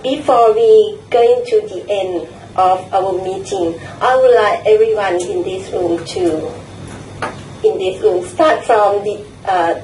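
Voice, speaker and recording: A woman's voice: medium pitch, slow, darkish tone, recorded from a distance, slight background noise. A woman chairing a speaking club meeting, polite and hesitant. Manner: polite and hesitant, with many ums. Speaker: toastmaster of the day. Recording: echoey room, picked up from afar.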